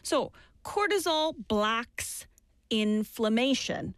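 A woman co-hosting a radio talk show, calmly explaining a term step by step and switching into Korean for key words. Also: a little high, takes it slowly, dry recording, studio quality. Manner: clear, methodical, teacherly explaining. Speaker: radio co-host explaining expressions.

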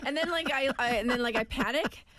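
A woman co-hosting a casual podcast chat, expressive and talkative, with lots of backchannels and laughs. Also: high-pitched, fast talker, a loud crowd. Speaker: co-host.

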